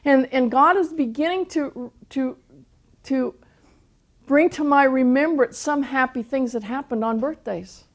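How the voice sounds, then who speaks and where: A woman's voice: sits high, unhurried. Older woman telling a testimony. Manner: storytelling with frequent restarts. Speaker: Christian teacher. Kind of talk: personal testimony talk.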